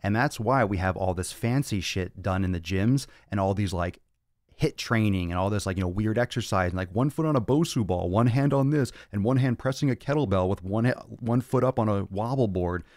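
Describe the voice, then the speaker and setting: Male fitness podcast host, low pitch, dry, blunt and profane, lecturing. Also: fairly quick, darkish tone, dry recording. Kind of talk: blunt Q&A monologue.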